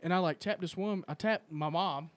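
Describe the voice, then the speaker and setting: A young man hosting a casual chat, telling profane stories and shouting out quoted lines. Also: sits high, fairly quick, no echo. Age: young adult. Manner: profane storytelling, loud acted quotes. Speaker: podcast host.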